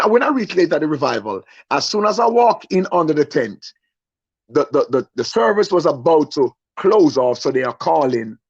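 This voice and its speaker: A man's voice: on the high side, husky. A young man, performing a stand-up story and acting out the people in it, often turning to ask the audience questions. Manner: animated storyteller, acts out voices, asks the audience. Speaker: comedian. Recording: muffled lo-fi recording.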